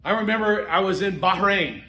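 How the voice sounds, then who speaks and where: A man with a fairly high voice lectures to a class in a loose, chatty way, trailing into fillers and restarting his sentences. The sound rings around a reverberant classroom. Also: moderate pace, pushed and bright. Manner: conversational, rambling with many fillers and restarts. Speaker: college instructor.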